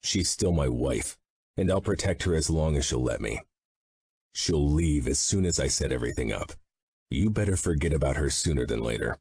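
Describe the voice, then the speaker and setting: A man voicing a stern mafia boss who is worried for his brother, in a dry, measured audiobook reading. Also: a bass voice, animated, a little mellow, husky, dry recording, heavily acted. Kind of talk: audiobook narration.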